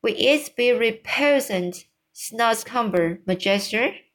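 A woman voicing a gentle, bumbling male giant who mangles his words, read slowly from a storybook. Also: fairly high pitch, expressive. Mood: earnest. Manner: garbled mixed-up words.

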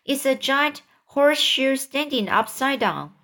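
A curious, brave young boy from a storybook, as a woman reads him, often speaking in an urgent hush. His voice sits a little higher than the narration. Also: expressive, unhurried, exaggerated voice. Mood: earnest.

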